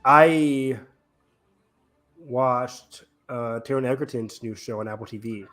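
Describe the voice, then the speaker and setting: Rambling, enthusiastic podcast co-host. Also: male voice, medium pitch, slow pace, a bit bright. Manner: rambling, enthusiastic, loose with fillers. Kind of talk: casual chat.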